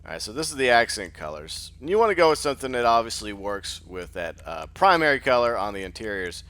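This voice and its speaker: Male host, low-pitched and smooth, drowsy, rambling game walkthrough. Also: big pitch swings, fast, fairly bright tone. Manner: rambling, filler-heavy, thinks aloud. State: sleepy, just woke up. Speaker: gaming channel host. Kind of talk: casual gameplay commentary.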